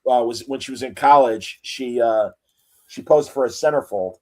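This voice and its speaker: A congested man down with the flu, talking at an ordinary middle pitch. He rambles through his stories with plenty of "uh"s in a loose, casual podcast chat. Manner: rambling, halting storyteller with many "uh"s. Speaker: podcast co-host.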